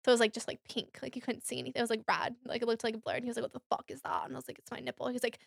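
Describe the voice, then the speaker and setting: Young woman, casual podcast chat, higher voice, dry close sound, candid storyteller. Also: rapid-fire, creaky, no room sound. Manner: candid storytelling, acts out quoted voices, many fillers. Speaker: podcast co-host.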